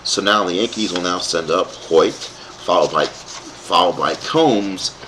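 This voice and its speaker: A man's voice: low voice, takes it slowly, noisy background. A man calling play-by-play for a tabletop baseball game he is playing himself, rambling into asides for his live chat. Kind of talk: play-by-play commentary of a dice game.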